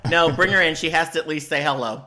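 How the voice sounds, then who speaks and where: A man's voice: on the high side, fast talker, bright, forceful tone. A man hosting a podcast, teasing his guest with crude, profane jokes in casual chat. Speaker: podcast host.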